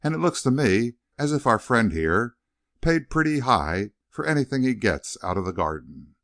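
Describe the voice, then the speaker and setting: A man reading an audiobook, voicing a shrewd, blunt male gambler who fires off brisk, probing questions. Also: medium pitch, big pitch swings, fairly bright tone, no echo, clean studio sound. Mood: wry.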